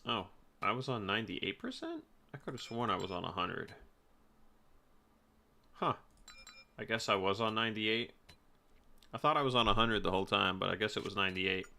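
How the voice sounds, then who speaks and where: A man's voice: fairly low pitch, sing-song, normal speed, gravelly, pauses often, bright, forceful tone. A young man casually commenting on his sim racing game, laid-back and rambling.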